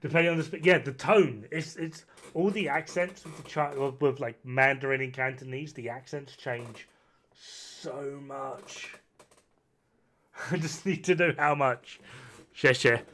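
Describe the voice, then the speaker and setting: A man's voice: mid-range voice, normal speed, fairly bright tone. A man chatting on a stream, rowdy and swearing with self-mocking banter, tipsy from whiskey at home. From United Kingdom. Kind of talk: casual stream chat. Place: home room, camera off.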